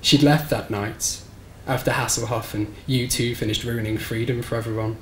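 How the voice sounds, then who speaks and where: A man reads his short story aloud in a bookshop event room, with a measured, somber delivery. His voice sits at a middling pitch and moves in a flat, narrow line. The room answers with a roomy echo and a faint hum of background noise. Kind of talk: live reading of literary fiction. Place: bookshop event space, live audience.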